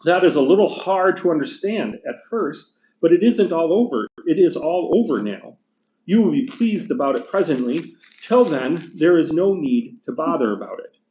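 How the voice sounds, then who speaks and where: A man reading aloud and voicing a calm, patient male spirit from a book. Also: a little high, moderate pace, slight background noise, pitched above the performer's own voice. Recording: echoey room, dull lo-fi sound.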